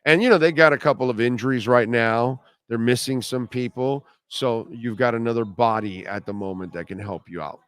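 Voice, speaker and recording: A man's voice: medium pitch, a little fast, hardly any pauses, a bit bright, clean tone, no room sound, clean studio sound. A middle-aged man hosting a sports talk radio show, talking casually, bluntly and rambling, often repeating himself.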